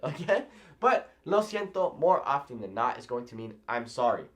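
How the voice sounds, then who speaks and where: Animated male language teacher. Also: a little high. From California. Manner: animated, repeats phrases slowly for learners. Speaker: Spanish teacher. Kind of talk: video language lesson.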